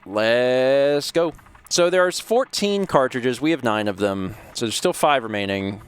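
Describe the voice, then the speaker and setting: A man's voice: mid-range voice, animated, measured pace, clear, resonant tone. Chatty man streaming a game. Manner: chatty, talks to himself while playing. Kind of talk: casual gameplay commentary.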